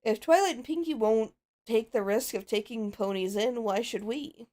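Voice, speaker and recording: A woman's voice: on the high side, moderate pace, mellow, lightly acted. Rainbow Dash, a woman doing a blunt weary tomboy pony. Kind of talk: Roblox game role-play voicing.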